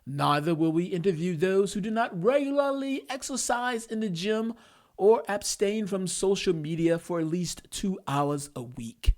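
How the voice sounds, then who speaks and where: A man's voice: high-pitched, measured pace, darkish tone, voice pushed up. A man putting on a stiff corporate announcer. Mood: officious. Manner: pompous official decree. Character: stiff formal male corporate announcer with put-on accent.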